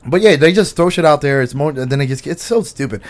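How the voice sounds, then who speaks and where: A man in loose podcast banter whose voice sits a little high for a man. He swears freely and laughs at his own jokes. His talk is fast to riff and relaxed. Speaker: podcast co-host. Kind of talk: casual chat.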